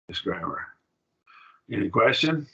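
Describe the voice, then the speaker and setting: A man lectures to a class at an unhurried pace, his voice gravelly and husky, patiently repeating phrases as he walks through each point. The sound has a bright edge, but the recording is dull and lo-fi, and he seems to be in a classroom. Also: lowish voice. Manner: patient, repeats words while explaining. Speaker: Bible class teacher.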